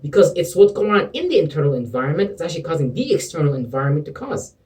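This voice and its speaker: A man's voice: on the high side, big pitch swings, quick pace, darkish tone, distant mic, poor audio. A man giving an impassioned spiritual pep talk to camera, preachy and sometimes sarcastic, calling the listener bro and man. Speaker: motivational video preacher.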